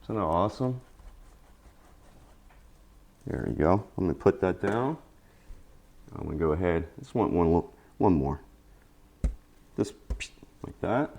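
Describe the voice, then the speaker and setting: A man teaching oil painting in a casual tutorial, tired after a long day, talking in relaxed, repetitive encouraging asides. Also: deep voice, normal speed, gravelly, pauses often, breathy edge. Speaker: painting instructor.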